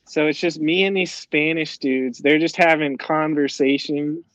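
A man's voice: fairly high pitch, fairly even intonation, measured pace, fairly bright tone, no echo, dull audio. A young man telling a long, rambling story in casual chat, swearing and using lots of fillers.

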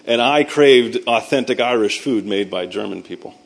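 A man in his thirties, a military veteran giving a faith talk. He tells animated, self-mocking stories, makes sound effects with his voice, and quotes scripture. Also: mid-range voice, moderate pace, vocal fry, slightly rough. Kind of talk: storytelling speech with scripture.

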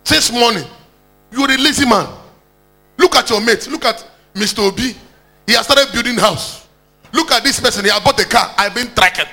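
A preacher mimicking a nagging, scornful wife. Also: male voice, very high-pitched, vocal fry, bright, forceful tone, faint music behind, heavily acted. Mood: scolding. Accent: Nigerian. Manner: fast scolding rant.

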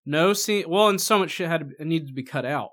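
A man in casual chat reviewing a movie, mocking and animated, swearing freely. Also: on the high side, fast.

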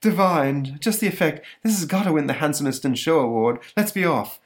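A man's voice: on the high side, brisk, voice pushed up, close to an everyday voice. A man voicing a huge, polite, vain male monster with a refined, slightly pompous manner, in a comic-strip reading. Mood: genteel.

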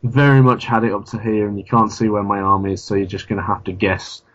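A man's voice: lowish voice, flat delivery, brisk, slight background noise. A man co-hosting a casual comedy podcast, blunt and sweary, laughing as he rants. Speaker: podcast co-host. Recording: dull lo-fi podcast audio.

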